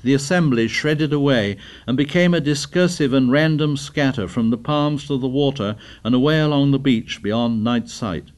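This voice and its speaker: A man narrating a story in a measured, dramatic reading. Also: mid-range voice, a little mellow. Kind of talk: scripted narration.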